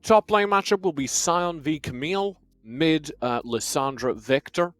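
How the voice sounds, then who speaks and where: A young man doing live play-by-play commentary on an esports match, upbeat and joking, his voice a little hoarse. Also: on the high side, measured pace, a bit bright, no room sound, faint music behind. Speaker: esports caster.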